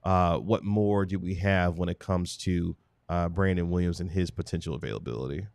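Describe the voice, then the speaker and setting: A man's voice: low voice, normal speed, gravelly, darkish tone, no room sound. A man hosting a sports podcast, easygoing, introducing a guest and asking questions with many fillers. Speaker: podcast host. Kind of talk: casual podcast chat.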